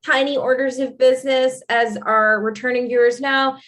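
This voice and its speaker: A young woman co-hosting a casual podcast chat, joking and teasing her guest in quick bursts. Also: sits high, fairly even intonation, a bit bright. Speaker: co-host.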